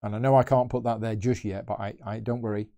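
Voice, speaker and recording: A man's voice: fairly low pitch, fairly even intonation, quick pace, dark tone. A man hosting a live solo board game playthrough, chatting and thinking aloud as he moves pieces. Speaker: board game channel host.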